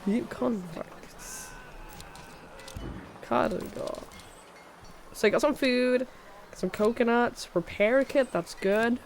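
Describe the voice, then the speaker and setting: A woman's voice: a little high, normal speed, slight background noise. A woman streamer with a sick voice, chatting casually and swearing while playing a game. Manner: chatty, swearing, self-mocking. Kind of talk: casual gameplay commentary.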